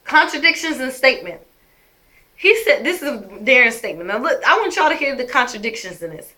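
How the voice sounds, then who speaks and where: A woman's voice: high voice, big pitch swings, a little fast, bright, forceful tone. A woman telling her own story to her viewers, emphatic and indignant as she picks apart messages. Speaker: vlogger. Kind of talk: personal storytelling to camera.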